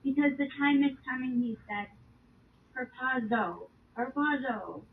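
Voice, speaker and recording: A fairly high-voiced woman speaks earnestly in a casual spoken testimony, pressing hard on the words she quotes and rambling a little with fillers between them. The audio is thin and phone-like, with a faint hiss of background noise underneath. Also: unhurried, vocal fry. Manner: earnest, urgent when quoting, loose and filler-heavy when explaining. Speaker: Christian speaker sharing a vision.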